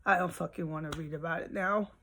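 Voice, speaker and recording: A woman's voice: on the low side, steady tone, fast, sharp tone. Exasperated woman ranting at home. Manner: rambling, exasperated, profane. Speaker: vlogger. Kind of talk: casual venting monologue.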